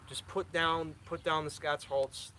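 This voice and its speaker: A man's voice: on the high side, steady tone, a little slow, sharp tone, slight background noise. A young man hosting a casual live stream, answering viewer questions in a loose, rambling way with lots of restarts.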